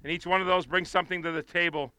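A male preacher with a very high, piercingly bright voice, delivering an impassioned sermon outdoors. His tone is smooth and clear, the sound close and dry, and he swells into pleading shouts. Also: fairly even intonation, fast, no room sound.

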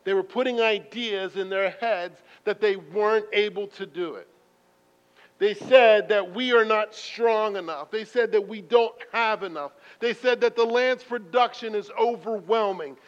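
A man preaching a sermon in a church, telling stories in a conversational, self-deprecating way with sudden loud bursts. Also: high-pitched, a little slow, smooth. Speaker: pastor. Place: church sanctuary. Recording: muffled reverberant hall recording.

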